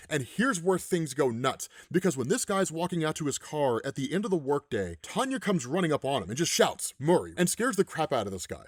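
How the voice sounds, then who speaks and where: Chatty animated man in his forties. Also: on the high side, no echo, studio quality. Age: 40s. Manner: chatty, with lots of "right?" asides. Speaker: comics explainer host. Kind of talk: casual recap commentary.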